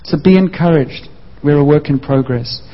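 A man's voice: a little high, moderate pace. A man preaching a sermon, sharing his own story in an earnest, personal way. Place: church. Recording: muffled echoing church hall.

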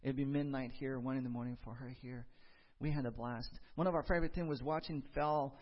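A young man preaching a sermon, telling personal stories and acting out the dialogue with lively energy. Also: mid-range voice, brisk, highs cut off. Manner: animated storyteller acting out dialogue. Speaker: pastor.

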